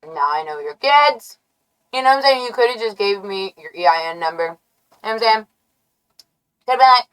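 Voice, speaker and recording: A woman's voice: mid-range voice, animated, normal speed, long pauses, sharp tone, rough recording. A woman live streamer rambling in a brash, taunting, profane way. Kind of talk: rambling livestream rant.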